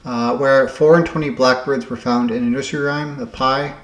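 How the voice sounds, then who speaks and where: A man thinking aloud as he solves word puzzles, halting and correcting himself as he goes. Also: medium pitch, fairly even intonation, echoey room. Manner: muttering, halting, self-correcting. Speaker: puzzle game vlogger.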